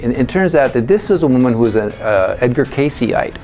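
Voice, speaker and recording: A man tells his stories in a loose, rambling way and fills his pauses with plenty of fillers. His voice sits at a middling pitch for a man. A faint bed of music plays quietly behind him. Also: animated. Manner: rambling, anecdotal, many fillers. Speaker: party psychic. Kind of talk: storytelling interview answers.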